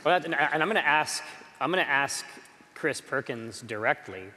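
A man playing in a tabletop game, joking with quick asides. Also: mid-range voice, lively intonation, bright, forceful tone, long reverb tail. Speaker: player. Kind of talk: casual chat at a game table.

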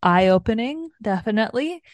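Relaxed woman co-host, dry sound. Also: fairly high pitch, moderate pace, no room sound. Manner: relaxed, conversational. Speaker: podcast co-host. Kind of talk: casual chat.

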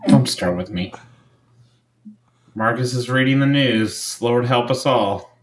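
A man's voice: mid-range voice, takes it slowly. A man co-hosting a casual podcast, teasing the others bluntly. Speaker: podcast co-host. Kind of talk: casual chat. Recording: echoey room, noticeable noise.

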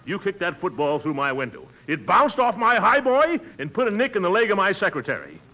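Pompous middle-aged neighbor, 1940s radio, lively, slightly high voice. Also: male voice, a little fast, highs cut off, exaggerated voice. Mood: blustering. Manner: pompous, blustering. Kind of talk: 1940s radio comedy acting. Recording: hissy vintage radio recording.

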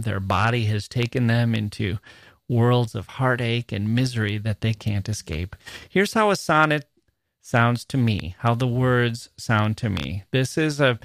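A man hosting a podcast about poetry, talking in an animated way and acting out rhythms with nonsense syllables. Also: mid-range voice, creaky, no echo. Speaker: podcast host.

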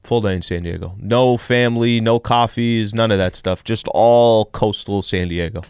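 A man's voice: lowish voice, normal speed, a little mellow, clean tone, no room sound, clean studio sound. A man hosting a sports radio show, chatting in a laid-back, joking way. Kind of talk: casual sports radio banter. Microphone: studio microphone.

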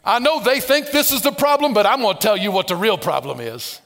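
Animated high-voiced male pastor preaching. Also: fairly quick. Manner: animated, acts out biblical dialogue with playful sarcasm; conversational and humorous. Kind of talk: lively sermon.

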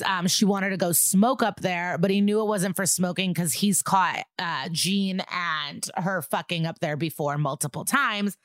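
A woman's voice: fairly low pitch, no echo, studio quality. Sarcastic, profane woman podcast host. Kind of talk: casual episode recap.

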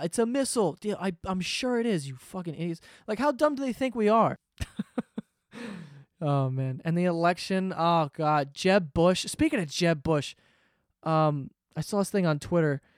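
A man's voice: a little high, no echo, studio quality. A man ranting sarcastically and swearing freely in a casual comedic monologue, host of his own podcast.

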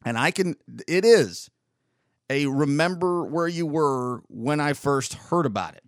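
A man's voice: on the high side, animated, a little slow, no echo, studio quality. A man, rambling through an opinionated casual monologue as a podcast host. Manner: rambling, opinionated, with frequent restarts.

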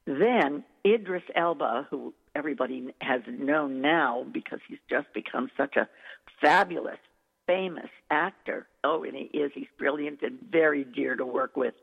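A woman's voice: sits low, normal speed, creaky, husky. A woman dialect coach telling stories in an interview, effusive and enthusiastic. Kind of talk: interview storytelling. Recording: echoey, tinny phone-like recording.

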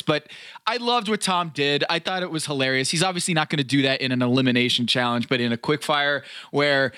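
A man's voice: on the high side, brisk, bright, forceful tone, clear, resonant tone, no echo, studio quality. A man co-hosting a podcast, chatting casually and rambling into sports comparisons. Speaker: podcast co-host. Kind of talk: casual recap chat.

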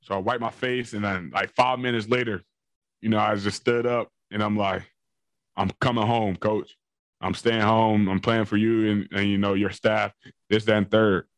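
A young man with a fairly low voice tells his story in a loose, casual way. He circles back on phrases and leans on fillers like "you know" and "like." The sound is dry and close. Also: level tone, normal speed, dry recording. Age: young adult. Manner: rambling, repeats phrases, many fillers. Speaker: football recruit guest.

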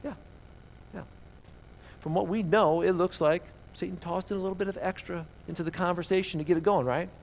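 Emphatic male preacher, raised pitch. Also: fairly even intonation, a little fast, vocal fry, a little hiss or hum. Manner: emphatic, with rhetorical questions to the congregation. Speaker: pastor. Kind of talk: sermon.

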